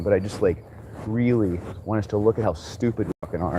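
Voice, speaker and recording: A man's voice: fairly low pitch, fairly quick. Frustrated, swearing man ranting outdoors. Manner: frustrated, swearing, rambling with many restarts. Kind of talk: ranting monologue while walking dogs. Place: outdoors on a walk. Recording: noisy outdoor ambience.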